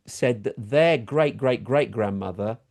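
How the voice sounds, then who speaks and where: Unhurried and a little mellow, this middle-aged talk show co-host from England shares a story in casual chat, adopting high voices for anyone he quotes.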